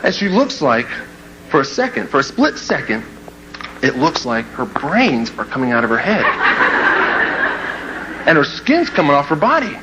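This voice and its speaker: A man telling a comic personal story to a live audience, playful and lively, breaking into shouts and laughter. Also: on the high side, normal speed, long pauses, background noise. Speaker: motivational speaker.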